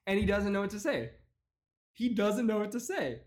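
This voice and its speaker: Young male reactor: foul-mouthed, mocking, fast rants, slightly high voice. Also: lively intonation. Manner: profane, mocking, rapid-fire rants. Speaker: reaction commentator. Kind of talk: casual reaction commentary.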